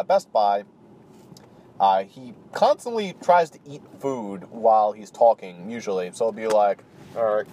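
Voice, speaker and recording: A man's voice: medium pitch, dark tone, slight background noise. A man casually recapping a role-play campaign as a channel host, talking offhand with many fillers and restarts.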